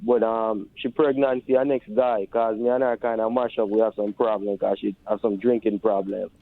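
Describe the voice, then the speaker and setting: A man calling in to a radio show, talking haltingly with many fillers. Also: fairly low pitch, little pitch movement, no echo. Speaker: caller. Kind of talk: phone call to radio show. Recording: tinny phone line.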